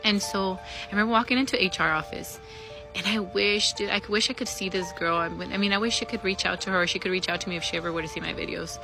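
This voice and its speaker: A woman in a casual storytime vlog, candidly and profanely retelling an eerie experience in an animated way. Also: mid-range voice, quick pace, over music, rough recording.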